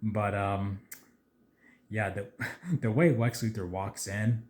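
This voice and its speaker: Rambling low-voiced man. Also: slow. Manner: rambling, lots of "like", excitable bursts. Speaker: movie trailer reviewer. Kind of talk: casual video commentary.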